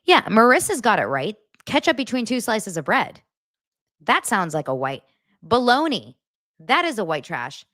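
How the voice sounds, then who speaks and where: A woman in her thirties hosting a casual livestream, chatty and animated as she reacts to chat comments. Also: fairly high pitch, moderate pace, dry recording, clean studio sound. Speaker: livestream host.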